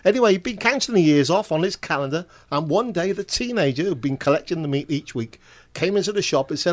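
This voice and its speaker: A man's voice: on the high side, quick pace. Older man telling stand-up jokes. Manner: deadpan, chuckles at his own punchlines. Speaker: stand-up comedian and show compere.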